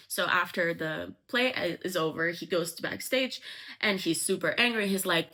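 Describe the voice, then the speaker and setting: A woman retelling a novel's plot in a chatty, casual way, dropping likes and ums as she goes. Her voice sits on the lower side for a woman, with a bright, clear tone. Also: a little slow. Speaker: book explainer.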